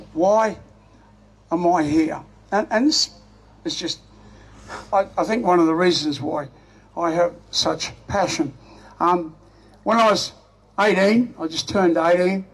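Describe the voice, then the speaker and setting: An older man with an Australian accent giving a rambling, rousing speech at an outdoor rally, shouting to the crowd. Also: high voice, vocal fry, slightly rough. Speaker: rally speaker.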